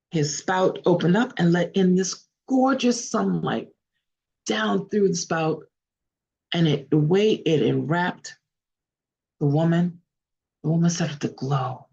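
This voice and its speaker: A woman storyteller narrates a folk tale in an unhurried, earnest manner, sometimes stopping to correct herself. Her voice sits low and husky, with a gravelly fry. She is heard over a video call, and the sound is dull and lo-fi. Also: darkish tone. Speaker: storyteller, guest speaker. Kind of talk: oral storytelling.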